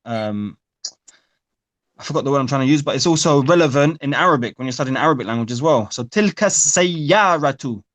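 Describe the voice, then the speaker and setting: A man's voice: medium pitch, animated, a little fast, a bit bright. A man teaching a live online Arabic class, correcting students' pronunciation and explaining grammar.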